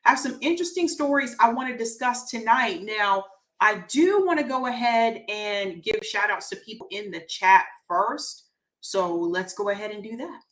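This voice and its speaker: A woman's voice: medium pitch, expressive, moderate pace, fairly bright tone. A woman hosting a casual livestream, upbeat and chatty, reading out viewer comments and greeting people by name, laughing easily. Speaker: livestream show host. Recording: roomy echo on the voice.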